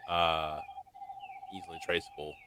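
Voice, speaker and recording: Man, very low voice, measured, tabletop player, light background noise. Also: completely flat delivery. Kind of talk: tabletop role-play.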